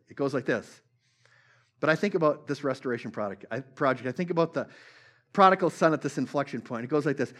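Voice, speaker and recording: A man preaching a sermon with a slightly higher pitch than most men. He talks in an earnest, conversational way, restarting phrases and weaving in scripture as he goes. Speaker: pastor.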